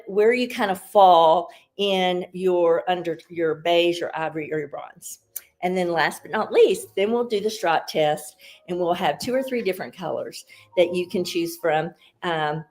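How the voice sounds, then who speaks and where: A woman's voice: lowish voice, darkish tone. A woman giving a casual, upbeat beauty tutorial as a consultant, chatty and explaining step by step, a little out of breath.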